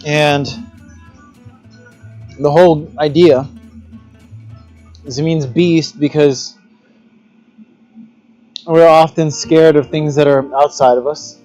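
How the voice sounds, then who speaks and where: A slightly high-voiced man talks loosely while he blows glass, drifting into rambling philosophical asides. Soft music plays faintly behind him. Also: fairly even intonation, slow pace, pauses often, poor audio. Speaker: glassblowing instructor. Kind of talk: casual livestream chat while working.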